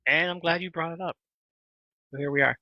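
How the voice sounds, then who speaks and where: A man hosting a casual live podcast, animated and laughing often as he chats with viewers. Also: on the high side, a little fast, no echo. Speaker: podcast host. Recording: slightly dull lo-fi mic.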